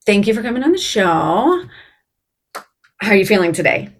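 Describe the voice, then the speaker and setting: Slangy, gushing American host, mid-range voice, casual. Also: female voice, mid-range voice, very animated, normal speed. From United States. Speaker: podcast host. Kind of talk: casual chat.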